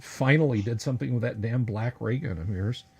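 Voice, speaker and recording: A man narrating as game master of a tabletop game on an online stream, casual and halting with many filler words. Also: medium pitch, darkish tone, husky. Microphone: video call.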